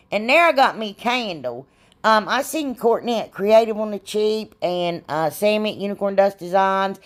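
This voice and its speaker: A woman, a bit hoarse from losing her voice, rambling chattily through a crafting voiceover as a channel host. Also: lowish voice. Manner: chatty, rambling, self-deprecating, frequent "y'all" and "anyway".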